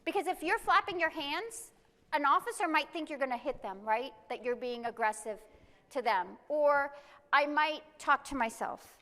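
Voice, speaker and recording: A woman giving a live presentation to an audience, explaining things step by step and reading example statements aloud slowly. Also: high-pitched, sharp tone, long reverb tail. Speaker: conference presenter. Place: conference room.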